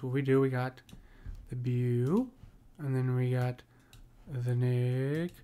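A man talks through a lesson in relaxed, conversational tones and keeps asking his listeners whether they follow. His voice sits at an ordinary middle pitch. He slows down to read verse lines aloud before going back to his explanation. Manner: conversational, checks in with "right?" often. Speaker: teacher. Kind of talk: casual screen lesson on poetic meter.

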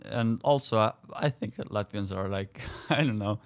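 A man from Estonia, a comedian and army sergeant, chatting casually in halting English full of fillers and restarts. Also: lowish voice, smooth. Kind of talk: casual podcast chat.

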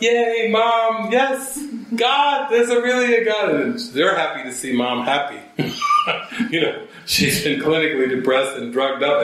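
The recording picks up lots of echo, with the microphone set far off in a church hall. There, a male spiritual teacher with a medium-pitched, fairly bright voice tells a gathering a story, voicing each quote differently.

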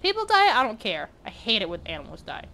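A woman's voice: fairly low pitch, fast talker, gravelly, sharp tone, a little hiss or hum. A woman commenting on a video game as she plays, chatty with exaggerated reactions. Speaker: gameplay streamer. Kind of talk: let's play commentary.

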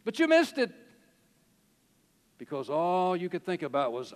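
A man's voice: sits high, wildly swooping pitch, measured pace, long pauses. A man preaching a sermon, telling stories, reading quotes aloud and chuckling often. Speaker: pastor. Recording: long hall reverb.

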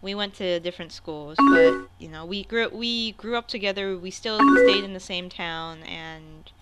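A woman's voice: mid-range voice, unhurried, rough recording. A young woman hosting a let's play, chatting and thinking aloud while she types her replies in the game. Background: game music and keyboard typing.

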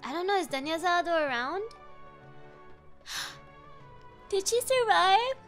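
A woman's voice: extremely high pitch, big pitch swings, slow, fairly bright tone, faint music behind. A woman streamer commenting on a game playthrough, reacting emotionally with gasps and chatty asides to her chat.

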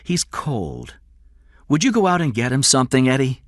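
A man reading aloud and voicing a caring young woman who speaks in a gentle, pleading way. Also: mid-range voice, lively intonation, moderate pace, no room sound, clean studio sound, voice pushed up, close to an everyday voice.

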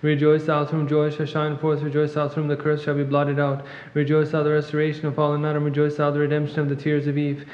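A man reading a long liturgical hymn in rapid chant at a monastery service, clearing his throat now and then. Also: a little high. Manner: fast monotone recitation, clears throat at times. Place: church. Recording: echoey church, long reverb, muffled.

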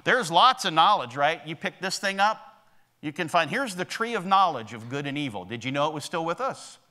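A man's voice: fairly high pitch, big pitch swings, normal speed, sharp tone. A male pastor preaching a sermon in a church, talking conversationally and often checking in with the congregation. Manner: conversational preaching with frequent "okay?" and "right?" check-ins to the congregation. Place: church sanctuary.

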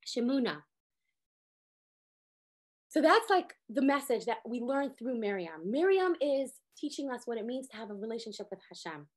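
High-pitched woman teaching a class, super animated, acts out the quotes. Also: moderate pace. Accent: sprinkles Hebrew words. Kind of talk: lively Torah class talk.

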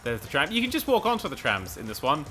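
A man commentating a video game race, excitable and sweary, rambling and mocking himself, a little out of breath. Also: on the high side, fast, a little hiss or hum. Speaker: gaming commentator. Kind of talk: let's play commentary.

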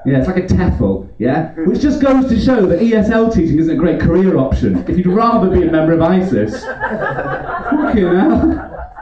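A drunk English comic swears his way through a rambling club set, laughing as he goes, at a normal speed in a high voice with huge pitch swings. The recording comes from far off in a roomy, dull club, with the audience laughing in the background.

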